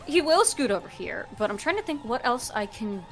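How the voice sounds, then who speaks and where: A woman playing a tabletop game, thinking aloud in a soft, hesitant way. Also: a little high, big pitch swings, a little fast, faint music behind. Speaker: player.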